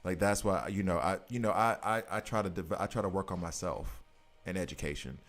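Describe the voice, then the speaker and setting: A man's voice: sits low, fairly quick, faint music behind. A man in his thirties streaming a mobile game, chatting casually and joking with his chat. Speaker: gaming streamer. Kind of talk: casual live-stream commentary.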